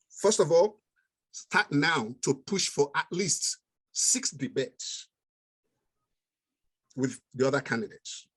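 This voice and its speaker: A man's voice: medium pitch, husky. A man giving emphatic, encouraging advice on a video call. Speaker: meeting participant.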